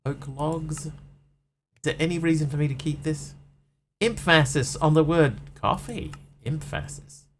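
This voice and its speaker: A man's voice: fairly high pitch, a little slow, slight background noise. A man chatting casually and rambling on a live stream while he plays a game, joking at his own expense. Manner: chatty, rambling, self-mocking.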